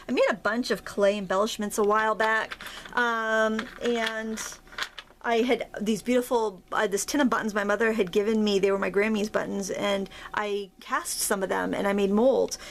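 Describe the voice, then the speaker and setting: Chatty crafter woman with a gravelly edge. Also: on the high side. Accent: Maine. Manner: chatty, self-deprecating, thinks aloud while working. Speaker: craft video host. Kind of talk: casual crafting tutorial.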